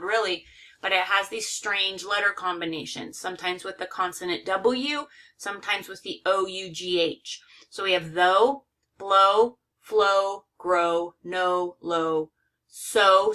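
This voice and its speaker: A woman gives a recorded pronunciation lesson from a handout, reading word lists slowly and clearly. Her voice is bright and her pace unhurried, with an occasional cough. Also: medium pitch. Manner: slow, careful, reads word lists aloud one by one. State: coughing now and then. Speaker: English pronunciation teacher.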